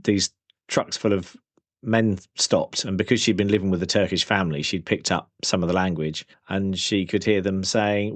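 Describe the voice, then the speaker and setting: A man telling a story in a relaxed, conversational way, often hedging with small fillers. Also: deep voice, moderate pace, no room sound. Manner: relaxed, hedges with "kind of".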